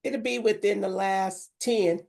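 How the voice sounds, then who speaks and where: Mellow-voiced woman co-host. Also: mid-range voice, fairly even intonation, a little slow, gravelly. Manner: brief interjections and dry remarks. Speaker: co-host and minister. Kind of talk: casual chat.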